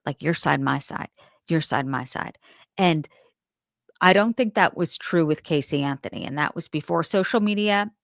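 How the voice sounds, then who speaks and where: Gravelly low-voiced woman hosting crime talk. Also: fairly bright tone, no room sound, clean studio sound. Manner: chatty, candid, thinking aloud. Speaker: crime show host. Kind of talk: casual opinion commentary.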